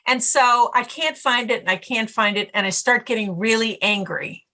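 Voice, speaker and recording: Bright, lively woman telling a story. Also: fairly high pitch, normal speed. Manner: animated storyteller, acts out her own inner voice. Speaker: podcast guest, stress management coach. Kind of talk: casual interview talk.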